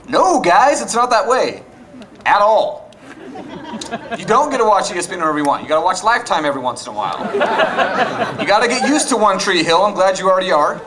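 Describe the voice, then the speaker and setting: Lively young man doing stand-up. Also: high voice, quick pace, a little hiss or hum, low-quality recording. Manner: animated, acts out both sides of arguments. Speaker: stand-up comedian. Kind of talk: stand-up comedy set. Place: comedy club stage. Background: audience laughter.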